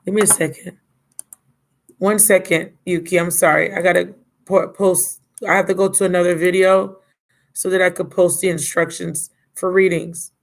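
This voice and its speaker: A woman's voice: on the low side, flat delivery, normal speed, gravelly, poor audio. A tired woman giving a casual, blunt tarot reading on a live stream, calling the viewer baby and my love. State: drained and yawning. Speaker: tarot reader.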